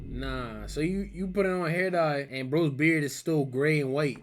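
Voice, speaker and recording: A man's voice: fairly high pitch, normal speed, music in the background. A young man with a New York accent, reacting bluntly to a video in slangy casual commentary. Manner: blunt, slangy, cuts in often.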